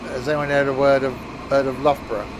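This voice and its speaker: A man's voice: mid-range voice, quick pace. A man casually chatting with his live-stream viewers while playing a game, making wry asides. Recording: steady background noise.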